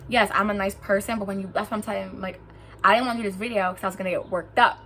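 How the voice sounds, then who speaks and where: A young woman telling a story about getting scammed to her viewers in a vlog, animated and emphatic, getting heated as she goes. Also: medium pitch, rapid-fire, slight background noise. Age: young adult. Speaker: vlogger.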